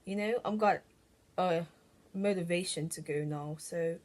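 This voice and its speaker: A young woman telling a personal story to camera in a casual vlog, halting and full of "like" and restarts. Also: lowish voice, darkish tone. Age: young adult. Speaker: vlogger.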